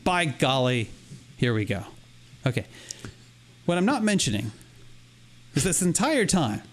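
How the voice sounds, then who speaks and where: A man co-hosting a podcast spins a rambling anecdote in a relaxed, chatty way. His voice sits a bit high for a man and swoops up and down as he acts out bits of dialogue. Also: measured pace. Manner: animated, rambling, acts out quoted dialogue with laughs. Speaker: podcast co-host. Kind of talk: casual storytelling chat.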